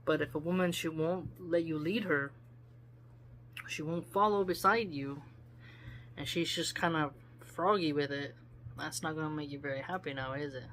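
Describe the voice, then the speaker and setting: A host reads a philosophy text aloud and keeps stopping for loose, chatty asides. The voice sits at a middle pitch. A faint hum runs underneath. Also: moderate pace, a bit bright. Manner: chatty, digressive asides with laughter. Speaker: philosophy reader and commentator. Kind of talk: casual reading with commentary.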